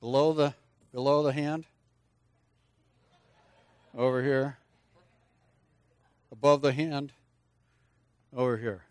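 A man's voice: medium pitch, slow pace, pauses often, clear, resonant tone, no echo. An older man preaching to children in a church service, coaxing them to join in and answer aloud. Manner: lively, coaxing, speaks straight to children. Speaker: preacher leading a children's lesson. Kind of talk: sermon with audience participation.

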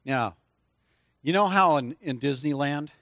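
With a slightly high voice and a measured pace, an older preacher leads a children's lesson during a church service. Lively and coaxing, he addresses the kids directly and urges them to participate by answering aloud. There's a little hiss or hum in the recording.

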